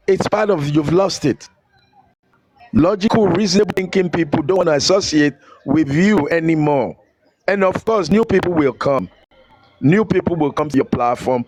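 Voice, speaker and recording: A man's voice: fairly high pitch, dry recording, poor audio. A man with a Nigerian accent in a heated rant, scolding and preaching and repeating phrases to drive his point home. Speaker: online commentator.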